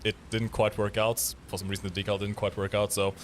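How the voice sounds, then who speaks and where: A man's voice: on the low side, flat delivery, fast, slight background noise. A man co-hosting a game stream, chatting casually and explaining with many fillers. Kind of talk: casual gameplay commentary.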